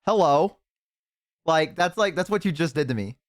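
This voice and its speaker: A man's voice: a little high, expressive, quick pace. A man streaming, chatting casually, joking and rambling with crude humor.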